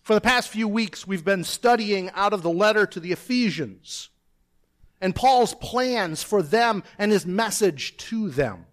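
Pastor guy with a pretty high voice, telling funny self-deprecating stories before the sermon. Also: animated, unhurried, a bit bright. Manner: self-deprecating storyteller, chatty asides. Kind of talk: sermon with personal anecdote. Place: church, preaching seated on a stool.

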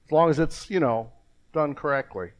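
An older man preaching a folksy, rambling sermon with a joke, pausing and restarting often. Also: a little high. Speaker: pastor.

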